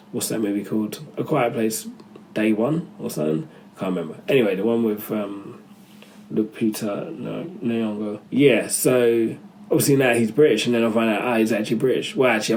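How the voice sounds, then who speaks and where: A man's voice: fairly low pitch, a little mellow, poor audio. A man giving a casual, rambling spoken film review, often losing his thread and correcting himself.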